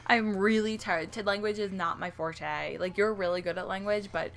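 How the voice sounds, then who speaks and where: A woman's voice: medium pitch, fairly even intonation, normal speed, vocal fry, fairly bright tone, a little hiss or hum. A young American woman co-hosting a casual Q&A chat with her husband, easygoing and often laughing at herself. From United States. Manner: laughing, easygoing, self-deprecating. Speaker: co-host, host's wife.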